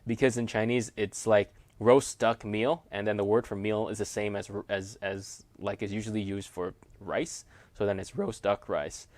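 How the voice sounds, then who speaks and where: This tech reviewer, a man with a lowish voice, demos a gadget in a chatty, casual way, laughing easily and making self-deprecating asides. The recording is dry.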